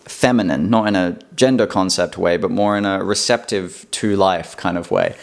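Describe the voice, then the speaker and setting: Casting note: man, lowish voice, rambling reflective solo monologue. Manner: rambling, reflective, many fillers and restarts. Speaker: vlogger. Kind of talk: casual personal monologue.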